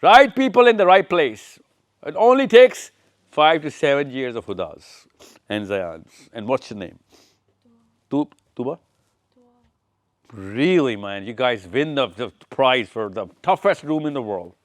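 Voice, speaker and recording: A touring speaker gives a live lecture with slides in an event room with an audience, pointing through slides, repeating phrases, and quizzing listeners by name. His mid-range voice is expressive and measured, with no room sound.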